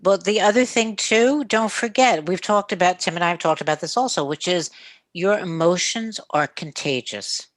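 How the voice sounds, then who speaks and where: A speaker giving conversation advice on a podcast in a coaching manner, often checking in with "right?" and acting out calm sample lines. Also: mid-range voice, normal speed, no room sound. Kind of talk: casual advice talk.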